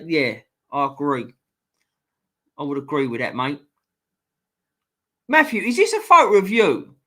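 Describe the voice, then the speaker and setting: A man's voice: high-pitched, sharp tone. A man hosting a casual live stream, reading viewer comments aloud and swearing freely as he chats. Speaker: livestream host reading chat.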